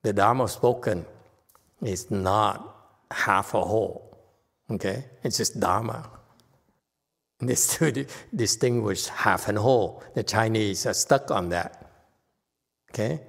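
A man's voice: fairly low pitch, slow, gravelly, long pauses, a bit bright. A man giving an informal lecture on a sutra, chatty and teasing, often checking in with "okay?". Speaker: Buddhist teacher lecturing on a sutra. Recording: long hall reverb.

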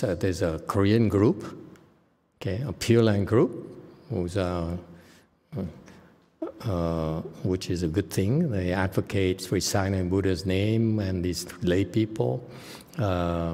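A man speaking as a Buddhist monk in an informal dharma talk, blunt and scolding, with flashes of sharp indignation. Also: low-pitched, in a large hall.

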